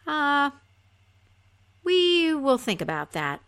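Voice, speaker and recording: A greedy fisherman's wife orders her husband about, impatient and demanding, as a woman acts her out. Her voice rises and dips with lots of movement at a slow, deliberate pace. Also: high-pitched, big pitch swings, a bit bright, pitched above the performer's own voice, full character voice. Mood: coaxing.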